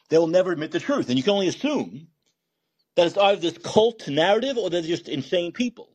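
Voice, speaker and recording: A man hosting a podcast, talking alone in sarcastic, animated political commentary, swearing and thinking out loud. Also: high-pitched, normal speed, breathy edge. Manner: animated and sarcastic, mocking voices of opponents. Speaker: podcast host.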